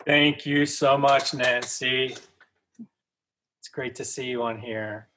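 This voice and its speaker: A man's voice: mid-range voice, steady tone, takes it slowly, pushed and bright, slight background noise. A man hosting a reading, introducing the next reader over a video call. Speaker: reading host.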